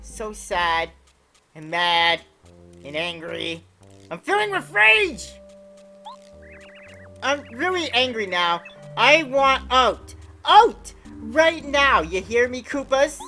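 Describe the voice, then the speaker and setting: A woman's voice: fairly low pitch, animated, slow, sharp tone, soft background music, exaggerated voice, poor audio. A woman reading game dialogue for a group of grumbling imprisoned male bob-omb workers, complaining with dramatic outbursts. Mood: furious.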